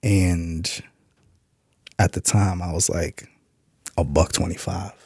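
A man's voice: deep voice, fairly even intonation, slow, mellow, slightly rough, no room sound, clean studio sound. A man being interviewed on a podcast, telling a story in a laid-back way and swearing casually. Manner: laid-back, profane, full of "you know what I'm saying". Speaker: podcast guest, author and Army veteran.

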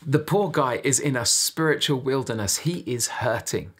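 A man's voice: mid-range voice, normal speed, husky. A man preaching a sermon in a conversational storytelling manner, speaking directly to his listeners.

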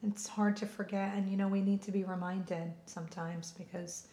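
A woman's voice: medium pitch, level tone, moderate pace, warm tone. A woman co-hosting a faith podcast, talking in an encouraging, affirming way. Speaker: podcast co-host. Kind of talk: casual faith chat. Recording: echoey room.

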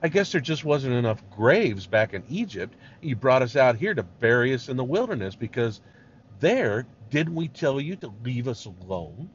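A man's voice: medium pitch, very animated, moderate pace, slight background noise, lightly acted. A man voicing a panicked crowd of grumbling Israelites, sarcastic and complaining, in a dull lo-fi recording.

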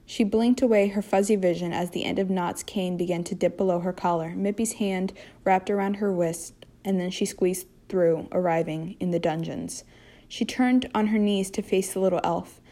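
A woman reads a story aloud in a slightly low, mellow voice. Her narration is steady and even. It suits relaxed listening. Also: moderate pace. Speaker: reader. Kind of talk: fanfiction read-aloud.

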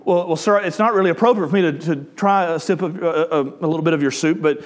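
A man's voice: high-pitched, brisk, natural voice. A man playing a polite, flustered restaurant waiter in his own Southern accent, stammering and hesitant.

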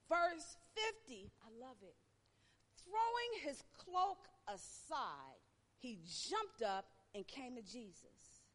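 High, animated woman preaching. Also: moderate pace. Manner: dramatic storytelling, acting out crowd voices. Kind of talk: sermon. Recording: long reverb of a hall.

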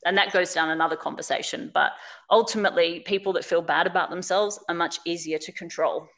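A woman's voice: fairly low pitch, fairly even intonation, brisk, a bit bright. A woman speaking on a podcast in a candid, earnest, reflective way, repeating phrases for emphasis. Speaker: podcast guest.

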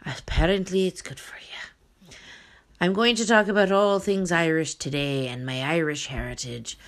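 A woman's voice: low voice, moderate pace. A woman from Canada hosting a casual solo podcast, chatty, joking and candid. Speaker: podcast host.

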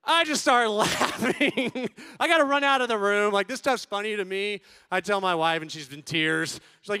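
A man in his thirties tells stand-up stories about fatherhood in a high, very lively voice. His tone is bright, and the sound is close and dry. He jumps from loud acted-out lines to hushed asides. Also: normal speed, few pauses, clean tone, dry recording. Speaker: stand-up comedian. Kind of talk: stand-up storytelling.

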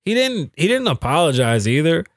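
A man's voice: a little high, moderate pace, no echo, clean studio sound. A young man hosting his own talk show, riffing casually with lots of swearing and acted-out quotes. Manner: profane, animated storytelling with acted-out quotes. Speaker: podcast host. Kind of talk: casual solo commentary.

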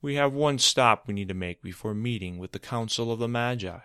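A man's voice: medium pitch, fairly quick, sharp tone, smooth, no echo, studio quality, voice pushed up, close to an everyday voice. A man voicing a scheming, commanding adult male figure in a storybook reading, speaking in a cool, demanding way with a faint edge of menace. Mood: explaining. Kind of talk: storybook narration.

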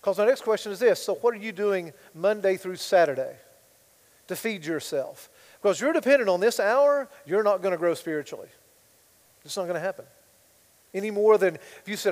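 A man preaching a sermon as pastor, swinging between loud emphatic bursts and quiet asides. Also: high-pitched, expressive, brisk, long reverb tail, low-quality recording.

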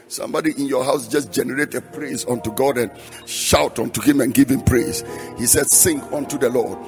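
A man's voice: mid-range voice, moderate pace. Preaching man in a reverberant hall. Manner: rhythmic preaching, breaking into sung phrases. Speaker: pastor. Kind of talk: sermon. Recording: long hall reverb, faint music behind.

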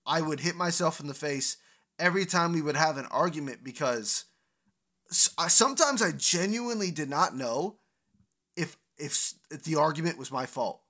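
A young man co-hosting a casual podcast, talking candidly and profanely with animated storytelling. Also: a little high, normal speed. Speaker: podcast co-host.

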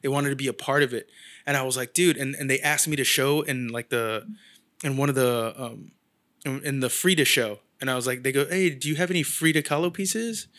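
A man's voice: medium pitch, brisk, a bit bright. A man in casual chat, telling a long story and acting out the people he quotes, swearing freely. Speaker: guest artist.

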